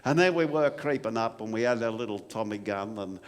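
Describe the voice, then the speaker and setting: Putting on an Australian accent, a man plays an old bushman reminiscing about his soldiering days in a rambling, stammering yarn full of repeated "and, and." His lowish voice is lively, brisk, and lightly acted, recorded at a live performance venue with long hall reverb.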